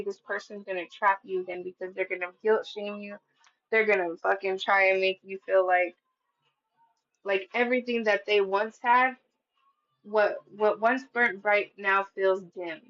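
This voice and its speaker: A woman's voice: medium pitch, a bit bright, dull audio. A woman giving a casual tarot reading, talking in a chatty, profane way with lots of "like". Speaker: tarot reader.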